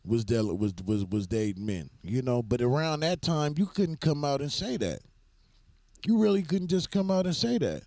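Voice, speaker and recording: A man's voice: medium pitch, darkish tone, no echo. Male co-host: emphatic, outspoken, repetitive for weight; dry close-mic sound. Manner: blunt, emphatic, repeats himself for stress. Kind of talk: casual opinionated chat.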